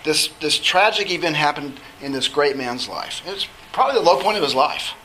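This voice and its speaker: A man's voice: a little high, expressive, bright, forceful tone, slight background noise, low-quality recording. A man teaching a Bible study lesson, talking conversationally and putting questions to the class. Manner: conversational, asks the class questions, halting restarts.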